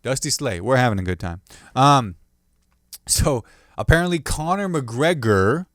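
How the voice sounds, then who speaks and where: A man's voice: medium pitch, lively intonation, measured pace, no echo, studio quality. A man hosting his own comedy podcast alone, riffing loosely on the news with jokey asides and playful put-on quotes. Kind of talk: solo comedic news riff.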